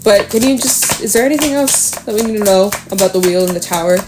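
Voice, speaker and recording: A young woman in her own casual voice, reading tarot cards and talking straight to the deck as she draws it. She chats loosely, swears offhandedly and laughs often, in a voice of middling pitch. A faint noise sits under the recording. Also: fast talker. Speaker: tarot reader.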